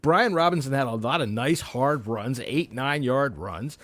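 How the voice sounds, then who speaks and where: A man's voice: mid-range voice, expressive, measured pace, a bit bright, no echo. A man hosting a casual sports podcast, ranting and swearing freely. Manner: profane, ranting, mock announcements. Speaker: podcast host.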